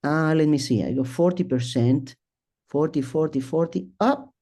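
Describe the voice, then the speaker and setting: A middle-aged man presenting a statistics talk at a symposium, speaking haltingly, restarting sentences and thinking aloud as he works through his slides. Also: a little high, mellow. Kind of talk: academic statistics lecture.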